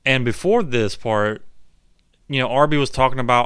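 A man casually recapping a bad movie with lots of swearing, acting out characters' lines in silly high voices. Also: moderate pace, a bit bright, clear, resonant tone, dry recording, clean studio sound. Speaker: co-host reviewing a film.

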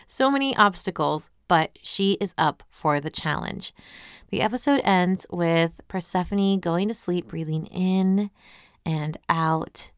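A woman with a lowish, smooth and resonant voice talks through a webtoon episode in a casual way. She is animated and full of questions, and she reads viewer comments aloud as the host. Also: no echo, studio quality. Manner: animated, asks many questions.

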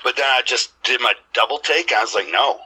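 A man's voice: mid-range voice, fast talker, pushed and bright, breathy edge, low-quality recording. A man telling rambling stories in a casual podcast chat, swearing freely.

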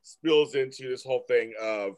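A man co-hosting a casual podcast chat, animated and acting out lines in playful high voices. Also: normal speed. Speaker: podcast co-host. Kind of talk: casual chat about a soap opera.

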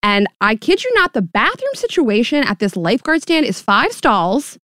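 A young woman co-hosting a podcast, telling a story in a casual chat, animated, laughing and swearing. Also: a little high, moderate pace, no echo, studio quality. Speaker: podcast co-host.

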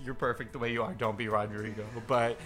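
A man co-hosting a podcast in casual chat, animated and giggly, swearing freely. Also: fairly low pitch, quick pace, loud music behind the voice. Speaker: podcast co-host.

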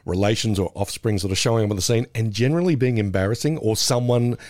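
A man's voice: lowish voice, fast talker, a little mellow, no echo, clean studio sound. A middle-aged man co-hosting a podcast, chatting casually about an episode and laughing often. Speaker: podcast co-host. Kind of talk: casual chat reviewing an episode.

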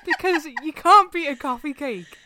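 A woman's voice: high-pitched, animated, moderate pace, noisy background. A young woman co-hosting a casual podcast chat, blunt and teasing, swearing freely. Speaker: podcast co-host.

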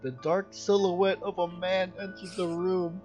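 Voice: mid-range voice, little pitch movement, unhurried, over loud music. A casual co-host reading scary internet stories aloud, stopping often to joke and laugh. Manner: giggly, interrupts himself to joke. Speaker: story reader, co-host. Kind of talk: casual comedic story reading.

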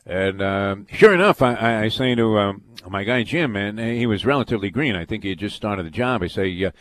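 A man's voice: fairly low pitch, lively intonation, moderate pace. A man hosting a sports radio show, telling long rambling stories with lots of fillers and restarts. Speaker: radio sports talk host. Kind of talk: casual storytelling on sports radio.

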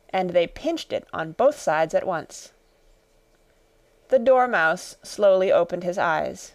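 A woman reading a classic storybook aloud as narrator, steady and expressive. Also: lowish voice, measured pace, vocal fry, no echo. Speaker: audiobook narrator.

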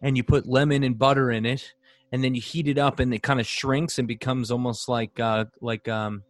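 A man's voice: mid-range voice, steady tone, normal speed, no room sound. A man co-hosting a podcast, chatting casually in an easygoing, joking way with frequent restarts. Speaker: podcast co-host, expectant father. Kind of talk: casual chat.

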